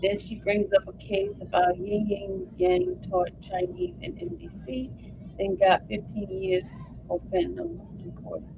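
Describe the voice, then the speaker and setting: A woman's voice: medium pitch, measured pace, creaky, noisy background. A woman hosting a livestream, giving emotional live commentary and reading updates aloud to viewers. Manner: animated, emotional, addresses viewers as y'all. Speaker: livestream host.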